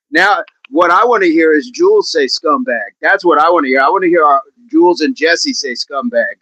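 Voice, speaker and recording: A man's voice: a little high, expressive, moderate pace, a bit bright, no echo, rough recording. A middle-aged man hosting a livestream, chatting casually, reading viewers' comments, laughing often and repeating phrases playfully. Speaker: livestream host.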